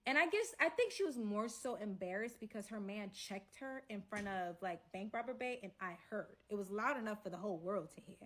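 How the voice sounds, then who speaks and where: A woman hosting a casual storytime, acting out the people in her story with slangy, animated banter. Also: mid-range voice, fairly quick, hardly any pauses. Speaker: storyteller host.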